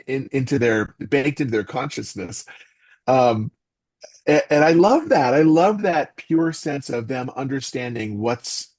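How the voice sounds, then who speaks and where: A middle-aged man speaks as a podcast guest in an earnest, animated way. His voice sits in a middle pitch, and he breaks into little acted quotes as he talks. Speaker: podcast guest, author and voice actor. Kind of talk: casual interview talk.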